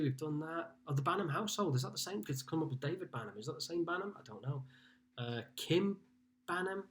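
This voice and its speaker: A man from Liverpool hosting a casual live-streamed pub quiz from home, chatting and greeting players by name as he reads out their scores. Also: a little high. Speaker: quiz host.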